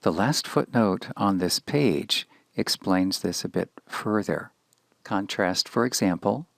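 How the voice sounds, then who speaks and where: Slow, gravelly-voiced man teaching Hebrew letters. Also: fairly low pitch, no echo. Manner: patient, deliberate, spells out each letter. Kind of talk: slow instructional lesson.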